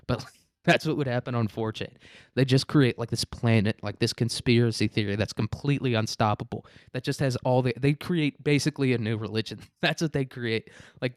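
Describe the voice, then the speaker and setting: A man's voice: mid-range voice, dry recording. A young man riffs crudely on news stories, rambling and swearing as he goes. His voice sits mid-range. The recording is close and dry. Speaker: host. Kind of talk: profane comedic news commentary.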